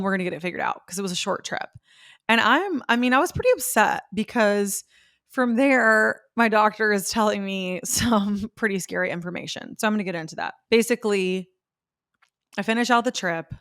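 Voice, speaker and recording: A woman's voice: medium pitch, a bit bright, no room sound, clean studio sound. A young woman hosting a podcast, telling a personal story in an earnest, emotional way. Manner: emotional, earnest, quotes others in her own voice. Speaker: podcast host. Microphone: podcast microphone.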